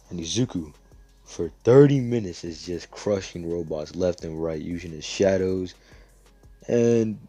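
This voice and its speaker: A man's voice: deep voice, warm tone, husky, no room sound. A man casually narrating a fan story in a loose, sweary way with filler asides. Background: faint background music.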